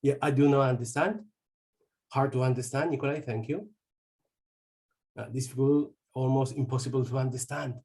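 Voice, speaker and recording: A man's voice: mid-range voice, fairly even intonation, a little mellow. Man presenting an online webinar. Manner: halting, many fillers and restarts. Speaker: webinar trainer.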